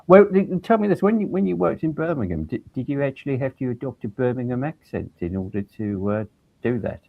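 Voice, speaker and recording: An older man, a judge and guest, telling lively anecdotes in casual chat over a video call. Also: mid-range voice, fairly quick, gravelly, narrow, tinny audio.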